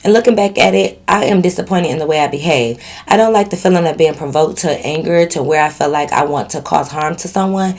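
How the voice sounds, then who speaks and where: A woman's voice: low-pitched, brisk, hardly any pauses, darkish tone. Sassy woman reading a story. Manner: sassy, teasing asides. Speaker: channel host. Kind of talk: reading a viewer's story aloud with commentary.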